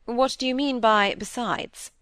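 A woman voicing a smooth, courteous bachelor gentleman in an audiobook reading, probing with polite questions. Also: a little high, measured pace, no echo, clean studio sound, voice pushed up.

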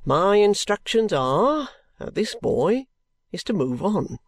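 Man reading stiff stubborn constable, firm slow measured, bit higher, dry sound. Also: very animated, dry recording, heavily acted. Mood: insistent. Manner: firm, measured, repeating himself. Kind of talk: audiobook character voice.

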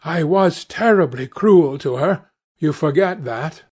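A grieving, remorseful young man , as a male reader puts him on, speaks listlessly in a raised, higher voice. He talks a little louder than the narration around him, slowly and with despair. It is a storybook reading. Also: animated, husky, exaggerated voice.

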